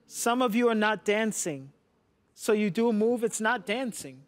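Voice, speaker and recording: Man, high voice, slow and unhurried, dance coach, coaxing, faint music behind. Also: fairly bright tone. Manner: coaxing, repeats "yeah?" to check understanding. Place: dance studio.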